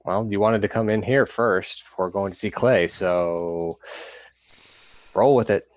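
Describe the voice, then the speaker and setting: A man's voice: on the low side, unhurried, no echo. Dry-voiced male player, muffled mic. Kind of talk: tabletop game play.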